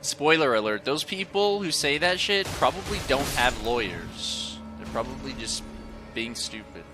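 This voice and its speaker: A man's voice: mid-range voice, expressive, a little slow, music in the background. A young man streaming a game, chatting casually with viewers, laughing often and swearing freely. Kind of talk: casual chat while gaming.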